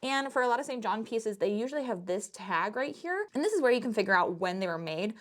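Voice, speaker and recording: A woman's voice: on the high side, expressive, quick pace. A young adult woman, chatting casually and upbeat as she shows off her thrift finds. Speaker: thrift reseller vlogger. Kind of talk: casual vlog chat.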